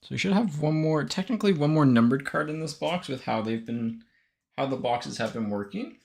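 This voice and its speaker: In his live card-opening commentary, a man with a gravelly, somewhat high voice talks a little fast. He lists player names and teams steadily and casually, fixing his own slips and filling gaps with frequent "uh"s.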